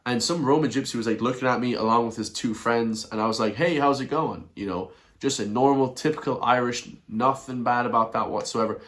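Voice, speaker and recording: A man's voice: medium pitch, steady tone, brisk, fairly bright tone. A man doing a blunt, repetitive rant in a video commentary, chuckling between his points. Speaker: online commentator.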